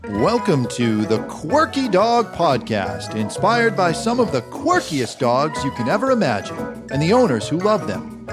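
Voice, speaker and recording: Woman announcer over loud music. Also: deep voice, very animated. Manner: slow, measured announcing. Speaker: show announcer. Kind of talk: scripted show intro.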